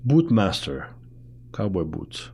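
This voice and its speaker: Man, talk show host, foreign accent, lowish voice, chatty, animated. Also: takes it slowly, gravelly, husky. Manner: chatty, animated, jumps between topics. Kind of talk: casual interview chat.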